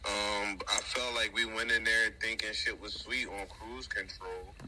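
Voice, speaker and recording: A man's voice: fairly low pitch, a little slow, a little hiss or hum, poor audio. Profane man ranting about football. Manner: profane, animated sports rant. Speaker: podcast co-host. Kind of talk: casual chat.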